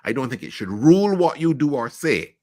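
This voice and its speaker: A man's voice: mid-range voice, very animated, fairly quick, darkish tone, dry recording, studio quality. A middle-aged man with a Caribbean accent, a guest on a podcast, telling frank stories with blunt jokes and the odd swear word. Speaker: podcast guest, marketing executive. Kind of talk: casual interview chat.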